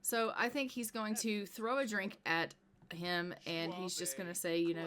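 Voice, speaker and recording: A woman casually commenting on her life-sim gameplay, chatty and full of "you know" fillers, in a fairly low voice. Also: level tone, moderate pace, fairly bright tone. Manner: chatty, many "you know" fillers, narrates what characters do. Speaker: gameplay streamer.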